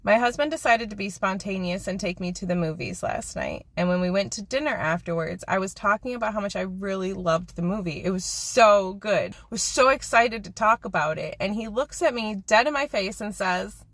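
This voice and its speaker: A woman's voice: medium pitch, moderate pace, fairly bright tone, no room sound. A woman telling a personal story in an earnest, emotional way. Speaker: TikTok poster. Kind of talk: casual storytelling.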